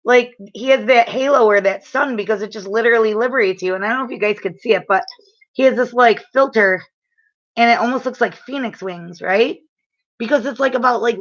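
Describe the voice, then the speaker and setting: A woman with a fairly high voice gives a casual oracle card reading on a live stream, rambling with plenty of fillers and restarts. She grows loud and excited when enthused, and the recording sounds muffled.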